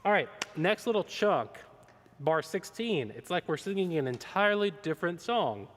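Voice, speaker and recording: A man's voice: sits high, lively intonation, normal speed, fairly bright tone, long reverb tail. A man leading a choir rehearsal, talking singers through their parts and counting them in, with a keyboard playing. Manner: upbeat, counts in and sings out vocal lines. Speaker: choir director.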